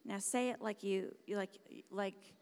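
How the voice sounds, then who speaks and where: A woman preaching a sermon, dramatic and emphatic, dropping to hushed whispers and then rising to loud exclamations. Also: medium pitch, steady tone, unhurried, clean tone. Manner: emphatic, repeats words for stress.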